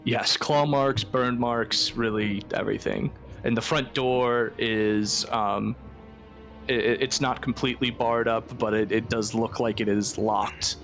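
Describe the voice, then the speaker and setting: A man's voice: mid-range voice, steady tone, a bit bright, faint music behind. Stammering man running a tabletop game. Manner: halting, stammering narration with many fillers. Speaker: dungeon master.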